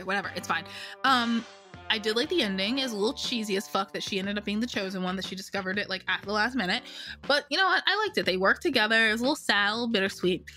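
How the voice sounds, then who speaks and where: A woman's voice: on the high side, sharp tone. Sarcastic, swearing woman narrating a game. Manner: sarcastic, profane, rambling. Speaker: player narrating a role-playing game. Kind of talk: casual comedic game narration.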